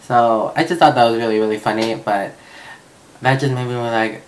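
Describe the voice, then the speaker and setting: A man's voice: mid-range voice, steady tone, moderate pace, a little hiss or hum, rough recording. A young man vlogging, telling a personal story in a casual, chatty way with lots of fillers and swearing.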